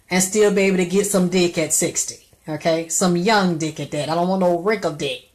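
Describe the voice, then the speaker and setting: A woman's voice: fairly low pitch, a little fast. Blunt, profane woman streaming live advice. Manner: blunt, profane, preachy, swings to loud exclamations.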